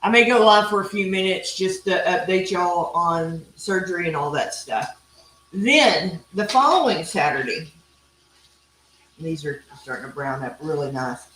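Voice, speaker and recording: A woman's voice: lowish voice, measured pace, fairly bright tone, roomy sound, slight background noise, low-quality recording. A middle-aged woman from Texas with a Texan accent, hosting a cooking live stream in a chatty, folksy way with rambling asides. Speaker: cooking show host. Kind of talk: casual live-stream chat while grilling.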